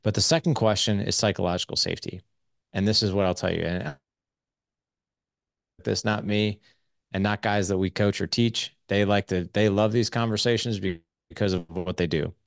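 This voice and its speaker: A man in his forties speaks as a parenting coach on a podcast, casual and animated, often slipping into quoted dialogue. His voice sits very low. The sound is close and dry, with no room around it. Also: moderate pace, vocal fry, no echo. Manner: energetic, acts out quoted dialogue; casual, swears lightly. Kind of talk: casual interview conversation.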